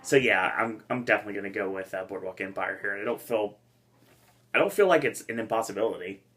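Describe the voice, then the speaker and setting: A man's voice: on the low side, fast, a bit bright. A man co-hosting a casual awards-prediction chat, laughing often and reading out a colleague's picks. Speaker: podcast co-host.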